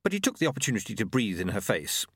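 A man narrating a novel in expressive scripted storytelling. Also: on the low side, quick pace, slightly rough, no echo. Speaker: audiobook narrator.

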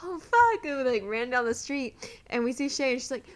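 A young woman is a guest on a casual podcast. She has a high voice and tells her story in a lively, chatty way, full of fillers. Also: fairly quick.

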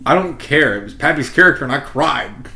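A man hosting a casual podcast, retelling stories in an animated, laughing way. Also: mid-range voice, fairly quick, creaky, slight background noise. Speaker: podcast host. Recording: roomy echo with chatter behind.

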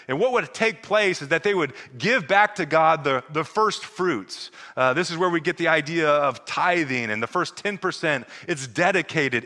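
A man preaching a sermon as pastor, earnest, often repeating words and dropping to a soft, intimate tone. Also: a little high. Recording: long hall reverb.

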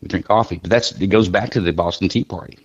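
Husky low-voiced man telling stories. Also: quick pace, dull audio. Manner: rambling, joking storyteller with many restarts. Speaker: podcast guest. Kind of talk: casual chat.

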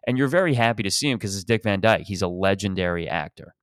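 A man's voice: sits low, fast, a bit bright, clear, resonant tone, no room sound, clean studio sound. A man hosting a podcast, riffing in a rambling, profane, sarcastic comedic monologue. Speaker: podcast host.

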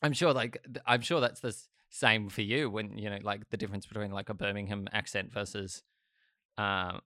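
A man's voice: on the low side, steady tone, normal speed, bright, forceful tone, no room sound, studio quality. A man from Australia with a light Australian accent, chatting casually as a host, rambling with many fillers and restarts. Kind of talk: casual chat.

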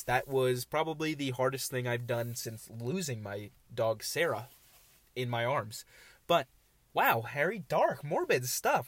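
A man's voice: mid-range voice, no echo. A man in his twenties hosting a casual solo podcast from inside his parked car, rambling and self-deprecating, sounding nasal as he comes down with a cold. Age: 20s. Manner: rambling, self-deprecating, swings between glum and jokey. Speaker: podcast host.

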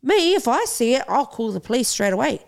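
A woman's voice: a little high, big pitch swings, brisk, vocal fry. A woman guest in a podcast interview, speaking earnestly and urgently and repeating phrases for emphasis. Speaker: interview guest, boxing champion.

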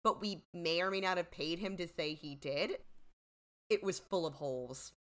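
A woman's voice: on the low side, normal speed. A woman co-hosting a podcast, chatting casually with lots of filler words and some swearing. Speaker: podcast co-host. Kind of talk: casual chat.

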